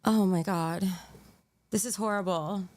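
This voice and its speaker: A woman's voice: medium pitch, fairly even intonation, a little slow, a little mellow. A woman livestreaming to her chat, feeling nauseous and unwell, rambling and apologetic, swearing and slipping into awkward giggles. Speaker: livestreamer reading chat donations.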